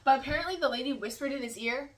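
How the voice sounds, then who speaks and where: A woman's voice: high-pitched, quick pace, distant mic. Chatty young woman, echoey off-mic kitchen. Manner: chatty, rambling, giggly. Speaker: vlogger. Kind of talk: casual storytelling while cooking. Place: home kitchen.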